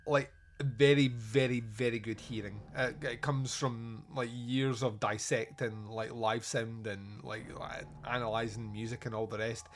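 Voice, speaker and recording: Here the podcast host talks about a film in a steady, mid-range voice, a little slow yet with hardly any pauses. It's a rambling, joking, filler-heavy casual review, with slight background noise.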